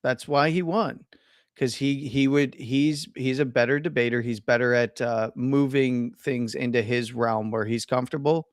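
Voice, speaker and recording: An opinionated man co-hosting a casual live stream, stumbling and restarting as he works toward his point. His pitch sits in an ordinary middle range. The sound is dry and close, with no room echo. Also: steady tone, moderate pace. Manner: opinionated, stammers and restarts, laughs easily.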